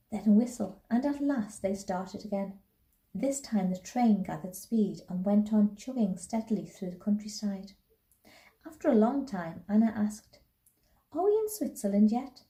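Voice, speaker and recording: A teacher reads a children's novel aloud, gentle and unhurried. Her voice is mellow and soft-edged, at a middle pitch. The room lends it a noticeable echo. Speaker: primary school teacher. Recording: roomy echo.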